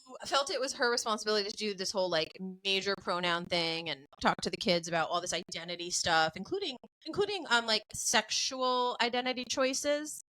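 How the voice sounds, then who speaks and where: A podcast host in her forties chats casually, bluntly and animatedly, laughing often. Her medium-pitched voice is sharp and brisk with few pauses, and the recording is rough.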